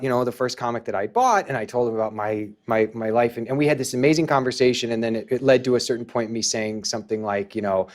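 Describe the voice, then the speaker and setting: A man guesting on a podcast, telling stories in an enthusiastic, rambling way with frequent restarts and casual swearing. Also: medium pitch. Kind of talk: casual storytelling interview.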